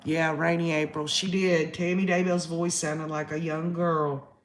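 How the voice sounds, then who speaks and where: A man's voice: fairly high pitch, level tone, a little slow, roomy sound. A man hosting a live-stream trial recap, reading chat comments aloud and reacting with emotion. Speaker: host.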